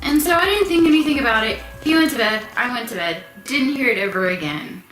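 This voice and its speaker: A woman vlogger telling a personal story in a casual, animated, chatty way, asking her viewers questions. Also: fairly high pitch, fairly quick, faint music behind. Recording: echoey room.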